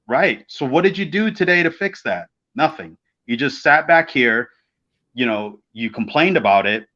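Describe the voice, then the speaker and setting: A middle-aged man co-hosting a casual podcast, telling an old road story in a profane, animated way and acting out the voices of the people in it. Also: medium pitch. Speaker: podcast co-host, former pro wrestler. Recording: dull lo-fi podcast audio.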